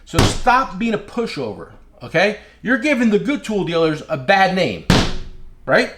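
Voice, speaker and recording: An independent tool dealer, brash and unhurried, gives casual advice to fellow dealers, telling them plainly how to get paid. His high, lively voice swings widely in pitch, and he hammers points home with repeated phrases. A steady noise sits beneath the recording.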